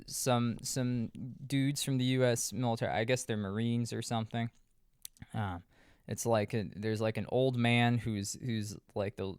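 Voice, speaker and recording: Low, smooth-voiced rambling man. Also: no room sound, clean studio sound. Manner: rambling, many restarts and fillers, profane asides. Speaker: podcast host. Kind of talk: casual movie recap.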